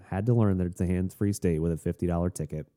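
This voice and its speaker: A young man from Florida rants casually on his podcast, swinging from loud, high bursts down to low mutters. His voice is low-pitched and mellow, and his stories wander through restarts and side comments. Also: fast talker. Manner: animated storytelling with frequent restarts and asides. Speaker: podcast host. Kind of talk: casual ranting monologue.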